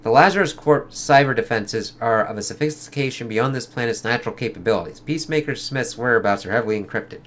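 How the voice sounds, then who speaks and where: A man reading out the lines of a calm, formal AI spacesuit guardian in a comic review. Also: mid-range voice, quick pace, hardly any pauses, natural voice.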